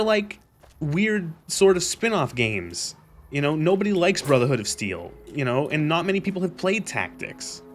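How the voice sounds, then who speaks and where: A man's voice: fairly high pitch, slight background noise. A man streaming a game, ranting casually with lots of swearing and fillers. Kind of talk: casual gameplay commentary and rant.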